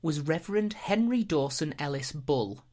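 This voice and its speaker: A woman's voice: deep voice, lively intonation, normal speed, a little mellow. A British woman hosting a podcast, telling a history story in a dry, wry way. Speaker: podcast host. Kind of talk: casual storytelling chat.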